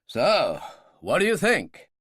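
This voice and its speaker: A man's voice: a little high, huge pitch swings, takes it slowly, a bit bright, no room sound, voice pushed up, full character voice. A man doing a dry, clipped old general. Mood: composed. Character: older British male general, dry and composed.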